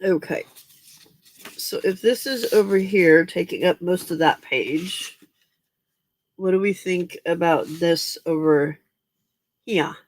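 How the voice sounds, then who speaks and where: A tired, yawning woman hosting a late-night crafting livestream, chatting with viewers by name in a relaxed way. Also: lowish voice, takes it slowly, pauses often, no room sound. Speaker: livestream host.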